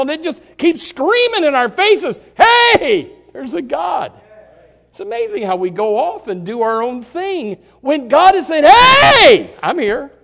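A man with a very high voice preaches a sermon in a church. He talks conversationally, then swells into impassioned shouts on key words. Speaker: pastor.

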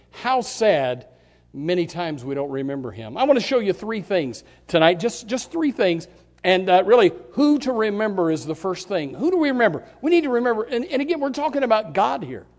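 High-voiced impassioned pastor preaching. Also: male voice. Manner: impassioned, rising to shouts on key words. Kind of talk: sermon. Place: church.

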